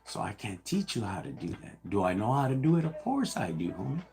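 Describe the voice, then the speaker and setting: A man's voice: fairly low pitch, sing-song, a little fast, darkish tone, faint music behind. A man raised in the United States, hosting a casual livestream and answering viewer questions in laid-back street slang, calling everyone homie and dog.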